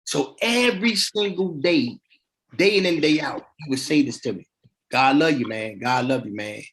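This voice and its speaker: A man's voice: on the high side, normal speed. A middle-aged man, a podcast guest, casually telling his life story in colloquial speech and acting out the people in it. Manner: colloquial, relaxed street talk.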